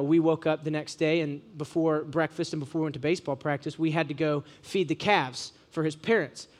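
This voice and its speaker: A young man from Ohio, preaching to students in a casual, joking sermon full of animated storytelling. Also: a little high. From Ohio, USA.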